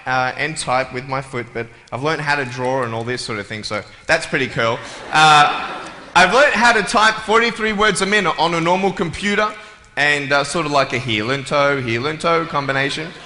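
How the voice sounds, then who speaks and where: A man's voice: fairly high pitch, pushed and bright, a little hiss or hum. A man giving a humorous, playful talk to a live audience, joking and chatting with them. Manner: playful and jokey, with quick asides. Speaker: motivational speaker. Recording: echoey hall with faint room ambience.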